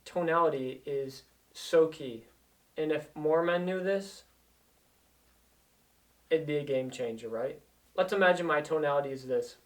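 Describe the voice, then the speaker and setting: Man, life coach, earnest motivational talk, repeats key points, fairly high voice, slightly distant from the mic. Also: a little slow, pauses often.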